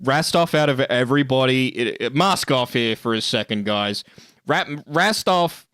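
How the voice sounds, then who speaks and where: A man's voice: mid-range voice, a bit bright, smooth, dry recording, clean studio sound. Profane joking man. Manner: profane, joking, laughs often. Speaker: streamer host. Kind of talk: casual chat.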